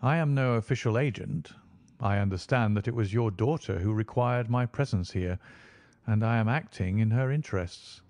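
A composed, authoritative detective , as a male narrator puts him on, who speaks in measured, reassuring tones. The voice sits low, with a gravelly edge to it. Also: a little mellow, no room sound, lightly acted. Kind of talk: audiobook reading.

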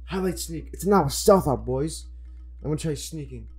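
A man giving casual let's-play commentary, excitable and profane, rambling with frequent restarts. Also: on the high side, normal speed, soft background music. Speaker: gameplay commentator.

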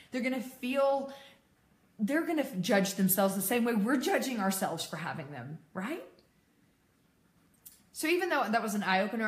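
A woman in her thirties giving a candid personal talk to an audience, laughing often and making self-deprecating asides. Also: medium pitch. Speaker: peer support speaker. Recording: echoey room.

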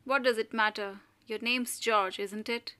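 A woman's voice: a little high, a little slow, bright, forceful tone. A woman voicing a domineering middle-aged mother who speaks sharply and severely, raising her voice to scold her family. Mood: severe, commanding.

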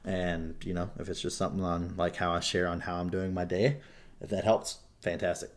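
Young man, podcast host, casual chat, animated storyteller, fairly low voice. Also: brisk. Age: young adult. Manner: animated storyteller, swears freely.

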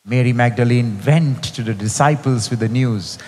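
A man with an Indian English accent, reading scripture and preaching a sermon in a slow, deliberate way with wide swings in pitch. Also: darkish tone, big-room sound. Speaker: preacher and Bible teacher.

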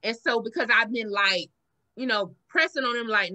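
A woman with a Southern accent hosting a podcast, telling stories in casual chat and acting out the quotes. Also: a little fast. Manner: animated storytelling, acts out quotes with big pitch jumps. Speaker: podcast host.

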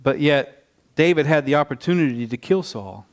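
A male pastor preaching a sermon in a conversational, animated storytelling way, often restarting his phrases. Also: on the high side, normal speed.

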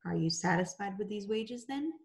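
A woman's voice: medium pitch, lively intonation, moderate pace, vocal fry, darkish tone. A woman reading the lines of a stern older male mill agent, asking short, clipped questions. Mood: cold.

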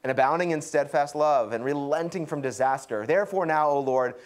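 A young adult man preaching a sermon, animated and acting out quotes. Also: brisk. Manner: lively, acts out quotes with pitch jumps. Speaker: pastor.

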